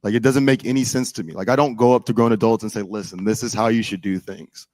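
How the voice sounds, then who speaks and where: A man's voice: on the low side, steady tone, fast, a little mellow, no room sound. A young man in casual political chat, rambling with many "like"s and restarts.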